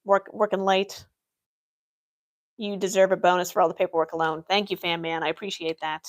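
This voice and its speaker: Woman streamer, dry deadpan office humor. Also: lowish voice, normal speed. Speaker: livestreamer playing an Imperial office worker. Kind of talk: in-character livestream Q&A.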